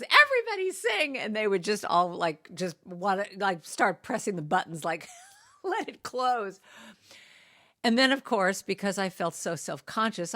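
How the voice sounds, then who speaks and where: A woman's voice: on the low side, no room sound, studio quality. A middle-aged woman telling a personal story as a guest speaker, acting out the voices of the people in it. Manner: animated storytelling with quoted voices. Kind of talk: storytelling talk.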